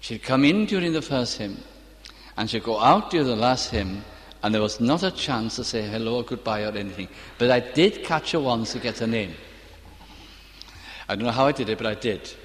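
An older man preaching a sermon, earnest and storytelling, reciting scripture slowly and tenderly. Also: mid-range voice, lively intonation. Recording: long reverb of a church hall.

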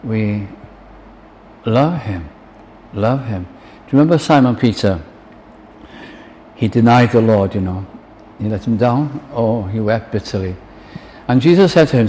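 A man's voice: lowish voice, animated, unhurried, pauses often, warm tone, a little hiss or hum. An older man preaching a sermon, earnest, quoting hymn lines and acting out little dialogues. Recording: long reverb in a large hall, faint ambience.

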